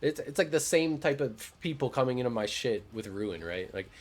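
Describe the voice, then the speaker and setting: A man's voice: medium pitch, animated, normal speed. A man streaming a game, chatting casually in a laid-back, joking way, swearing freely. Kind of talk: casual gameplay commentary.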